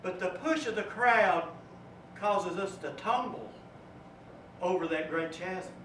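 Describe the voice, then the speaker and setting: Man preacher, vivid sermon storytelling, bright tone, distant mic, faint background noise. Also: high-pitched, animated, slow. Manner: vivid storytelling, rising and dropping to a hush. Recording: echoey room, from far off, faint noise.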